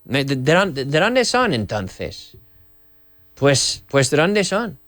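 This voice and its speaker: A middle-aged man teaching a live online English lesson, lively and repeating words over and over to drill pronunciation. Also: on the high side, slow, dry recording.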